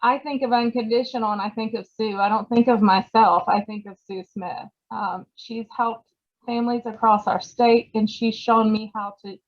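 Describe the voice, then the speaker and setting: A woman from Georgia, giving a tearful acceptance speech over a video call, halting and choked up with many fillers. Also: fairly high pitch, fairly even intonation, muffled recording. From Georgia, USA. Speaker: award recipient.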